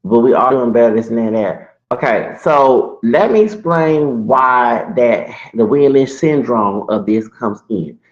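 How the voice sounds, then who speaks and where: A man's voice: mid-range voice, unhurried, few pauses. A man in his forties talking in a long, rambling livestream monologue, often restarting and correcting himself. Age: 40s. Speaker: streamer. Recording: echoey room, dull lo-fi sound.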